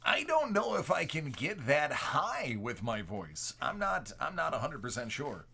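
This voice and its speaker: A man's voice: on the high side, huge pitch swings, unhurried, vocal fry, background noise. A man chatting casually on a live stream while opening trading cards, joking and laughing. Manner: jokey, chatty, laughs easily.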